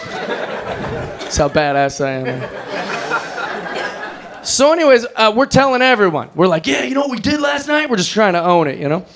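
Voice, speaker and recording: A man doing stand-up, telling a rambling, self-mocking story with animated energy. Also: high-pitched, normal speed, vocal fry, pauses often, a faint crowd. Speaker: stand-up comedian.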